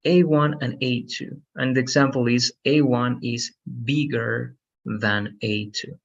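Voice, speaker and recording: A man teaching an English lesson, encouraging and patient, slowing down to model how words are stressed. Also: medium pitch, steady tone, creaky. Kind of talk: online language lesson. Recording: dull lo-fi sound.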